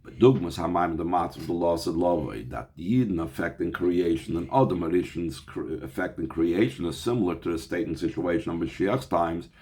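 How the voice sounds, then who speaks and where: Low-voiced man teaching a text class. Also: moderate pace, hardly any pauses, warm tone. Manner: reads Hebrew lines then explains in English with Yiddish terms; restarts and repeats words while thinking aloud. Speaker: Torah teacher. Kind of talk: text study class, reading and translating.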